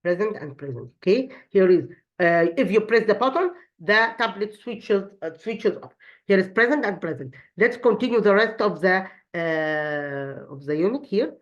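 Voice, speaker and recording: Halting woman teaching English. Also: mid-range voice, animated. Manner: halting, many fillers and restarts. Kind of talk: explaining a grammar lesson. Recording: slightly muffled lo-fi sound.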